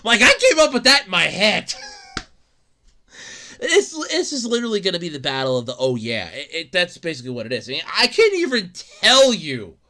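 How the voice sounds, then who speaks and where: A podcast host rambling through a casual solo rant, swearing and laughing often, exasperated and rising to shouts when worked up. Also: mid-range voice, huge pitch swings, fairly quick.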